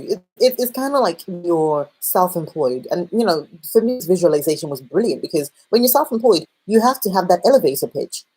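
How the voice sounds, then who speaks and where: A woman dating coach giving casual advice in a chatty, animated way, with playful asides to the viewer. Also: medium pitch, rough recording. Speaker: dating and self-discovery coach.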